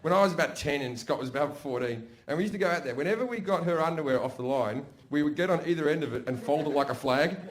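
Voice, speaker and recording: A man's voice: fairly high pitch, fast, few pauses, slight background noise. A man with an Australian accent telling crude, profane stories in a stand-up routine on a comedy stage. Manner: crude, profane, conversational storytelling. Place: comedy stage before a live audience. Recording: echoey live comedy venue.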